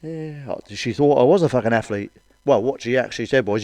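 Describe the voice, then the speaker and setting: A middle-aged man rattles through blue stand-up gags. He swears constantly and keeps checking "you know what I mean?" His voice sits in an ordinary middle pitch, recorded close and dry with no room echo. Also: brisk, hardly any pauses, a little mellow. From Wales. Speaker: comedian. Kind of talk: crude stand-up joke telling.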